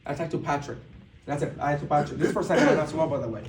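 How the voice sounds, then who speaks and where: Speaking very fast in a slightly high voice, a motivational speaker animatedly recounts a story at a business event, voicing the characters and restarting many times. Background noise and echo fill the large indoor event room, with the microphone placed far from him.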